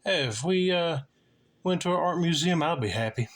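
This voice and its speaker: A man's voice: on the high side, animated, normal speed, fairly bright tone. A man reacting to a story in a casual, chatty way, with fillers and short laughs. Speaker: reaction video host. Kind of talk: casual commentary.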